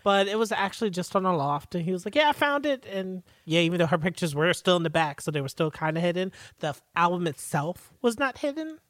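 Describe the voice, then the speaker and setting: Lively low-ish woman podcast co-host. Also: fast, few pauses, no room sound, studio quality. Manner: laid-back, chiming in with short reactions. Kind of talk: casual fan podcast chat.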